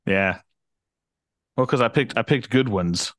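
A man co-hosting a casual podcast, trading dad jokes and teasing his friend, quick to laugh. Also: medium pitch, fairly bright tone. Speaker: podcast co-host.

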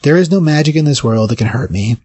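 A cruel male villain who taunts with mock politeness, as a man puts him on while recapping a comic. His voice rises a little above his normal speaking pitch. The sound is close and dry. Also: lively intonation, quick pace, darkish tone, husky, no echo. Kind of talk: acted quote in a casual comic recap.

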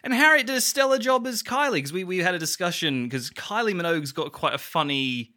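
A man's voice: sits high, animated, fairly quick, bright, forceful tone. A man in casual podcast chat, laughing often and joking about himself. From Australia. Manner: laughing, self-deprecating, chatty. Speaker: podcast co-host.

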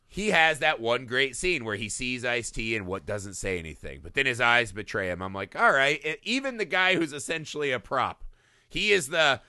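A man co-hosting a casual movie review chat, talking in an animated way, acting out lines from scenes, laughing often and swearing. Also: mid-range voice, normal speed, dry recording, clean studio sound. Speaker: podcast co-host.

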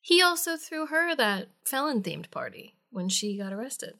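A woman's voice: fairly high pitch, very animated, moderate pace, pushed and bright. A woman co-hosting a podcast, casually chatting about a TV episode and adding details and asides. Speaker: podcast co-host. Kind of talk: casual chat recapping a TV episode.

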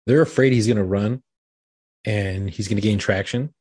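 A man's voice: on the low side, moderate pace, a little mellow, breathy edge, no echo. A man in a casual political chat, rambling with many fillers.

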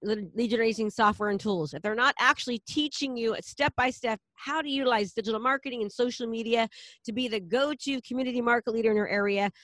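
A woman's voice: a little high, fairly bright tone, no echo. A woman leading a real estate team, talking casually and enthusiastically in a promotional chat with a colleague. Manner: enthusiastic, rapid, salesy, repeats herself.

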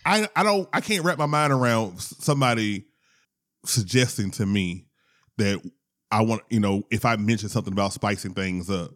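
Man, podcast host, casual chat, relaxed, laughing asides. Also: lowish voice, moderate pace.

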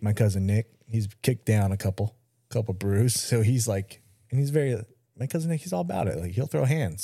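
A man in his thirties, a podcast co-host, telling a story in casual chat, animated and swearing, acting out the voices of the people he quotes. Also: fairly low pitch, dry recording, clean studio sound.

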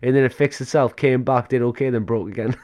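A man's voice: medium pitch, steady tone, fast talker, a little mellow. Rambling young man. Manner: rambling storyteller, acts out quotes, laughs often. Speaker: podcast co-host. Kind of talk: casual chat.

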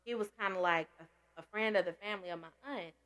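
A woman's voice: mid-range voice, fast, fairly bright tone. A woman candidly telling a personal story in casual chat, emotional and laughing through tears. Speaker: podcast guest sharing survival story.

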